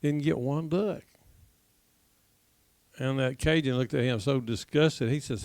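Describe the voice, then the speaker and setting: A man teaching a congregation class, telling a folksy joke with laughs and loud acted-out gunshots, then leading a prayer. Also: mid-range voice, measured pace, gravelly, pauses often, dry recording. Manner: jokey storyteller who laughs at his own tale, acts out shots loudly.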